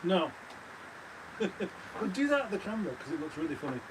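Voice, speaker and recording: A man's voice: sits high, very animated, brisk. A British man bantering and teasing his friends on a casual livestream from a caravan. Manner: teasing, playful. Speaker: livestream co-host. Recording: noisy caravan livestream audio.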